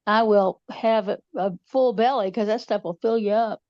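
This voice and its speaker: A woman's voice: mid-range voice, fairly even intonation, moderate pace, no echo, highs cut off. A woman, co-hosting a podcast and telling folksy family stories in a drawl. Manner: folksy storyteller, drawling, acts out voices in anecdotes. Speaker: podcast co-host. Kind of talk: casual chat.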